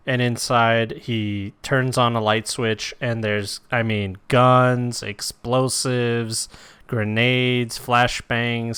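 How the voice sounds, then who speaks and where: A man's voice: medium pitch, a bit bright, clear, resonant tone. A man running a tabletop game as game master, setting scenes in a casual, loose way.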